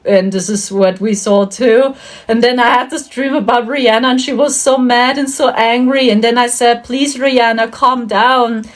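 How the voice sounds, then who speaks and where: A woman's voice: on the high side, steady tone, moderate pace. A woman hosting her own spiritual channel, talking casually and earnestly about her dreams, often breaking into giggles.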